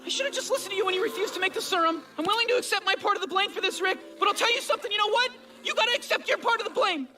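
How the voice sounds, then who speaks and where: A man's voice: extremely high pitch, rapid-fire, few pauses. An actor voicing an anxious, easily flustered teenage boy in a cartoon, who stammers when he is nervous. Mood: defensive. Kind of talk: cartoon voice acting.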